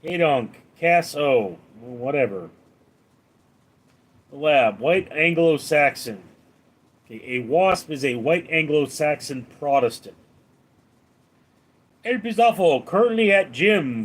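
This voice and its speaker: A man live-streaming, who reads viewers' comments aloud and answers each one dryly. He talks at an unhurried pace, and his fairly high voice rises and falls a lot. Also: expressive. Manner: reads out viewer names and questions, then answers them dryly. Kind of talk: casual live-stream chat.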